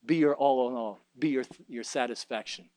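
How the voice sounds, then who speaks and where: A man's voice: mid-range voice, moderate pace, darkish tone, no echo. A man preaching a sermon in a folksy way, mixing joking asides with fervent, emphatic exhortation.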